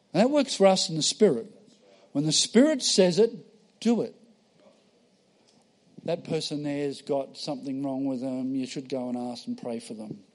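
Male preacher, storytelling sermon, slightly higher voice, dynamic delivery. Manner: conversational storytelling, acting out voices, swinging loud and soft. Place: church.

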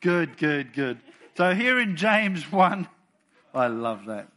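A man preaching to his church, moving between soft chatty asides and loud, bold readings of scripture. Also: on the high side, big pitch swings, takes it slowly. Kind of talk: sermon.

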